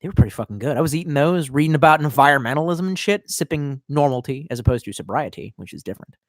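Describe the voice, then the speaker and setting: A twentysomething man sounds drunk as he chats casually on a live stream, reading chat comments aloud, swearing nonstop and rambling between loud outbursts and quiet mutters. His voice sits on the high side, expressive and fast, in a clean studio recording with no room sound.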